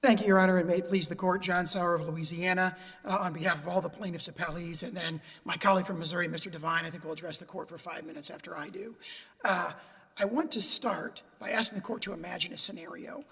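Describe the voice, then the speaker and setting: A lawyer presses his case before an appeals court, his voice gravelly and heavily husky. He talks with emphasis and stacks up long hypotheticals, and the courtroom's long reverb hangs behind each phrase. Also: high-pitched, steady tone, fast, a bit bright. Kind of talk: formal courtroom oral argument.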